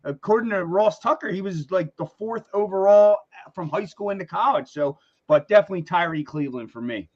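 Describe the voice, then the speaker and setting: A man co-hosting a casual sports talk show, excitable, repeating words and saying "dude" often. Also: sits high, fairly quick, few pauses, lo-fi sound. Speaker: podcast co-host.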